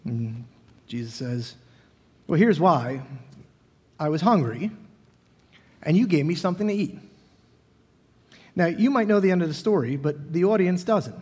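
Middle-aged male pastor, high voice, conversational sermon, long church reverb. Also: animated, normal speed, pauses often, a little mellow, breathy edge. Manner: conversational, acts out the disciples' questions. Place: church sanctuary. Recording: long reverb of a large hall.

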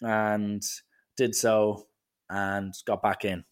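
A man's voice: fairly low pitch, flat delivery, extremely slow, clean tone. Irish man telling a rambling story. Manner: rambling, self-mocking. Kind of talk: casual storytelling.

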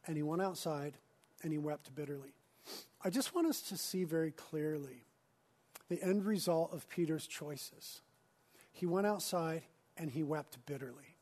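An earnest male pastor delivering a sermon. His voice sits somewhat high for a man. He swings between urgent, pressing emphasis and hushed, whispered intimacy. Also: unhurried.

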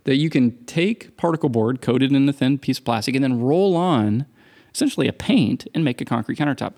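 A man's voice: medium pitch, animated, fairly quick, a little mellow. A man co-hosting a podcast in casual chat, opinionated and wry, making his points with emphasis. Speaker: podcast co-host.

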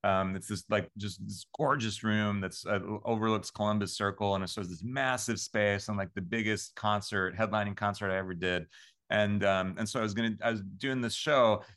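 A man's voice: fairly low pitch, fairly even intonation, moderate pace, a bit bright. A man, a composer, telling stories in a casual interview, rambling with lots of fillers and restarts. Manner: rambling, many fillers and restarts, laughs often. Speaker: composer and podcast guest.

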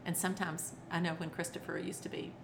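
In a noisy setting, a fast-talking middle-aged woman with a lowish voice tells stories animatedly in conversation. A children's entertainer and author, she acts out quotes and laughs a lot.

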